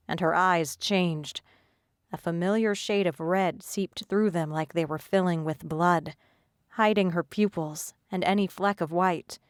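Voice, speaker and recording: Woman narrator, audiobook reading, steady delivery; low, resonant voice, dry close-miked studio sound. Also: no echo. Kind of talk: scripted first-person audiobook narration.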